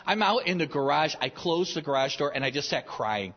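A man's voice: a little high, animated, fairly quick, few pauses, slightly rough. A man in his thirties preaching a sermon as pastor, earnest and repeating phrases for emphasis. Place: large church sanctuary. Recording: reverberant hall, dull lo-fi sound.

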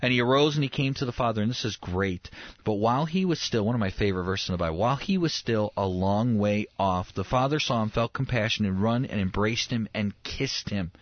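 A man preaching a sermon. He acts out the lines of the figures in the story with lively energy. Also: on the low side, a little fast, no echo, highs cut off. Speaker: pastor.

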